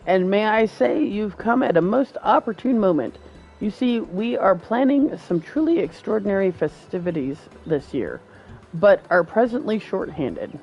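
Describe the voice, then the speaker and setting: A woman's voice: medium pitch, expressive, moderate pace, husky, lo-fi sound, soft background music. A woman reading as a courteous festival organizer. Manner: polite, old-fashioned phrasing. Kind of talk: reading game dialogue aloud.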